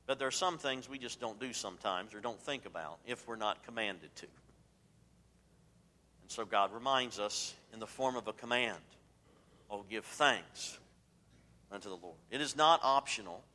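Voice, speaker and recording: A man preaching a sermon as pastor, emphatic and swinging between loud declarations and hushed asides. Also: lowish voice, normal speed, long reverb tail.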